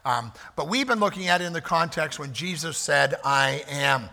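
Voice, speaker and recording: A man's voice: fairly high pitch, lively intonation, moderate pace, vocal fry, pushed and bright. A male pastor preaching a sermon in earnest, repeating phrases and reading scripture, with occasional fillers. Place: church sanctuary. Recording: reverberant hall.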